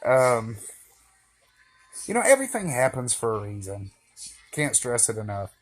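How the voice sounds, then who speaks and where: A man's voice: medium pitch, very animated, a little slow. A man vlogging a casual, meandering monologue to camera, full of fillers and joking asides but candid and reflective.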